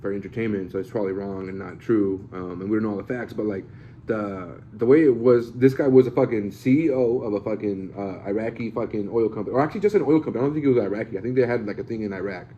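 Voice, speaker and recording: Fast, profane, rambling man. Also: on the low side, warm tone, slight background noise. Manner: rambling, profane, hedging storyteller. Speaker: podcast host. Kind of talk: casual podcast chat. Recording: slightly dull lo-fi podcast audio.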